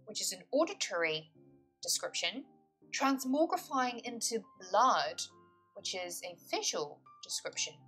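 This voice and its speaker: High, articulate woman teaching poetry. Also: fairly bright tone. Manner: articulate, precise academic wording; stretches and stresses words to show poetic rhythm. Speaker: literature tutor. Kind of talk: exam-prep poetry analysis lesson.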